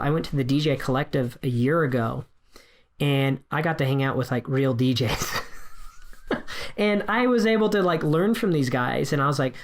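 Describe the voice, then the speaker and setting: An American man with a mid-range voice appears as a podcast guest, talking casually and energetically about being a wedding DJ. He's frank and self-deprecating and often restarts his sentences.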